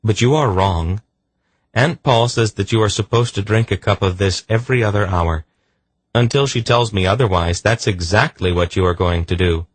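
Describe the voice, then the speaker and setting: A patient young man holds his ground in a mild, even tone. A man reads him in a low, husky voice. The audiobook recording sounds dry and close. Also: normal speed, no echo. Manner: mild and bland. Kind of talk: audiobook character voice.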